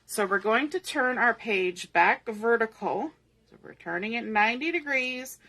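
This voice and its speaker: Bright-voiced woman teaching a card craft. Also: fairly high pitch, lively intonation, a little slow. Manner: patient, methodical, talks through each step. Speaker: papercraft instructor. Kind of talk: step-by-step crafting tutorial.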